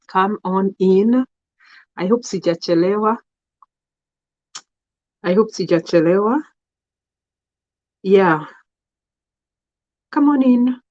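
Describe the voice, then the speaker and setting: In a casual live-stream monologue, this adult woman with a Kenyan accent greets viewers by name and speaks her mind emphatically, mixing English and Swahili. Her mid-range voice is expressive but slow, with long pauses, and the recording sounds muffled.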